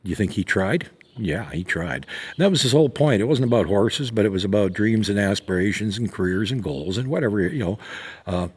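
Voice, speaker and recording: A man's voice: lowish voice, very animated, normal speed, husky. A man giving a casual spoken lesson on horse training, talking in a rambling, folksy way with plenty of fillers and restarts. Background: horses nearby.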